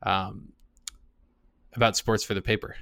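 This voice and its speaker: A man with a fairly low, smooth and clear voice, recorded dry and close. He hosts a relaxed interview and leads into his questions with loose, rambling phrasing. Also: measured pace, dry recording. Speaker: podcast host. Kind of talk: casual interview chat.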